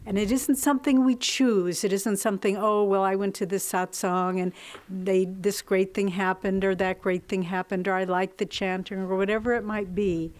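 A woman's voice: mid-range voice, fairly even intonation, a little mellow. A woman spiritual teacher giving a devotional talk, telling stories in a reflective, earnest way. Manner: slow, reflective, earnest storytelling.

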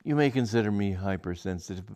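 A man voicing a sanctimonious, scheming young gentleman in a read-aloud comic story, theatrical and preachy. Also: lowish voice, animated, fast, natural voice.

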